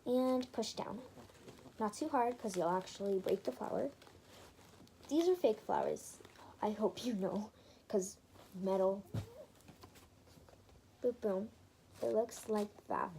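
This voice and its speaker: A woman's voice: medium pitch, takes it slowly, creaky, long pauses, warm tone, a little hiss or hum. A woman hosting a casual DIY craft tutorial, chatting her way through each step and correcting herself as she goes.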